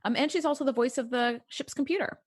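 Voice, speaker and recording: A woman co-hosting a podcast in casual chat, expressive and playfully exasperated. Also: high voice, fast, breathy edge, no echo, clean studio sound. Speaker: podcast co-host.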